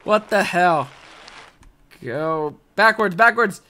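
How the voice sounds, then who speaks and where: A young man doing excitable let's play commentary, yelping, shouting and swearing at game mishaps. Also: high voice, takes it slowly. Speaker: gaming video host.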